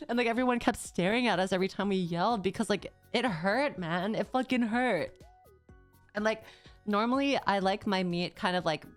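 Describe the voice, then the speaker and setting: A woman's voice: mid-range voice, normal speed, faint music behind. A young woman streamer chatting casually and rambling as she recaps a trip, full of "like" and slang. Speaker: VTuber streamer.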